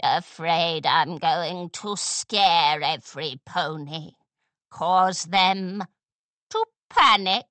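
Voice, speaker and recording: Croaking, sinister old mare, low and strange-toned, drawn out as a woman reads her. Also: fairly bright tone, no echo. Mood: taunting. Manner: slow, sinister taunting. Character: ancient spectral old mare, menacing, croaking. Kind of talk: storybook reading.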